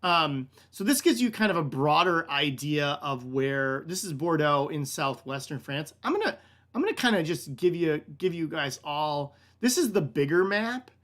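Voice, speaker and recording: A man's voice: a little high, very animated, moderate pace, fairly bright tone. A man hosting a casual online wine lesson, rambling and laid-back, full of "like" and "um", calling his listeners "man". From United States. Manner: rambling and filler-heavy, lots of "like", "kinda" and "um". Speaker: wine shop director hosting a tasting class.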